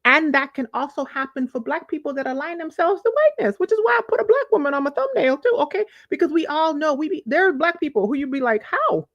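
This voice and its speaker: A woman's voice: high voice, quick pace, few pauses, no echo. Woman livestream host, casual, emphatic delivery, dry slightly dull mic. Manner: animated, talks to chat, emphatic repetition.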